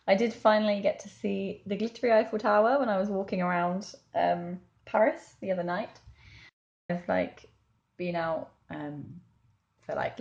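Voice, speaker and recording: A woman's voice: medium pitch, gravelly, darkish tone, lo-fi sound. A young woman chatting candidly in a video diary about her weeks abroad, laughing now and then and using lots of "like" and "um". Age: young adult. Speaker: vlogger, language assistant abroad.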